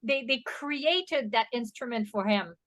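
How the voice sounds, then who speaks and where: A woman's voice: a little high, unhurried, a bit bright, no room sound. Emphatic woman. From Quebec. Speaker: podcast co-host. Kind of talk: casual chat.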